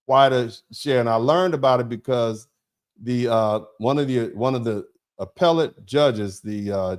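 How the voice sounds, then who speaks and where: Male livestream host, middle pitch, folksy and emphatic, rambles and repeats himself while reading out viewer chat. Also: darkish tone. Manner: folksy, calls listeners baby and bro. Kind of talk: livestream chat, thanking donors.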